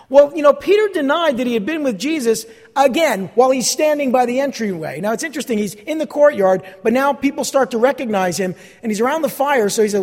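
A man with a New Jersey accent preaching a sermon, retelling a story with rhetorical questions and lively emphasis. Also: very high-pitched. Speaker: pastor. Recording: long hall reverb.

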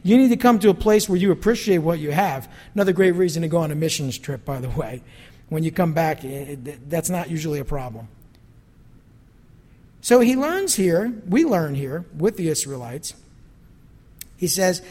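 A male pastor preaching a sermon, animated, with mocking quoted asides. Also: high-pitched, normal speed, big-room sound. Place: church sanctuary.

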